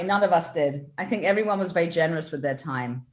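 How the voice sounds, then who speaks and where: British woman director on a video call, lowish voice, lots of ums. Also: brisk. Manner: thoughtful, many fillers. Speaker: film director.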